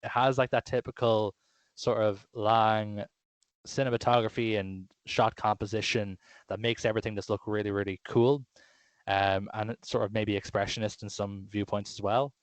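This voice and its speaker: A man's voice: fairly low pitch, fairly even intonation, normal speed, no room sound. A man co-hosting a podcast, chatting casually and enthusiastically about films, with many fillers and restarts. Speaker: podcast co-host. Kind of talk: casual film chat.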